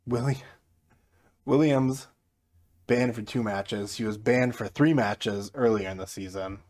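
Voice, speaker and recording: A man giving casual, mostly flat commentary over his own football management game, getting livelier when something happens. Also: a little slow. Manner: mostly flat and low-key, jumping up excitedly at goals; self-described monotone delivery. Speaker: gaming YouTuber.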